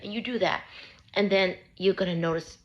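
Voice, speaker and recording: A woman's voice: medium pitch, normal speed, muffled recording. A woman, a parent, giving self-help advice to camera in a casual, earnest, repetitive coaching way, recorded on a phone she holds. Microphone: handheld phone.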